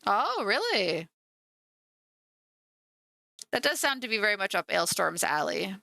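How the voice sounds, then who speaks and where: A woman's voice: mid-range voice, sing-song, a little slow, gravelly, bright, forceful tone, no room sound. A woman streaming as she paints miniatures, chatting casually and teasing her cat at home. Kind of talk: casual live-stream chat.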